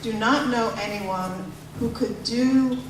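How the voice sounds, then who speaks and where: A woman's voice: a little high, slow pace, a little hiss or hum. A woman fan asking a voice actor a question from the audience, eager and admiring. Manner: eager, admiring, laughing a little. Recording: echoey hall, distant mic, crowd.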